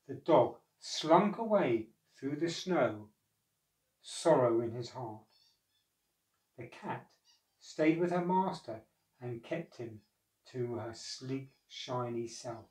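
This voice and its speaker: A man narrating a storybook, measured and expressive. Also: medium pitch. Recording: echoey room, far from mic.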